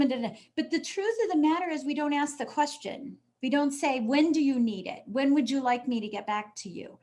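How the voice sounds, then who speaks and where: A woman's voice: high voice, a little fast, few pauses, a little mellow. A woman speaking as a podcast guest and coach, explaining earnestly and acting out quoted people. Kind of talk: casual interview chat.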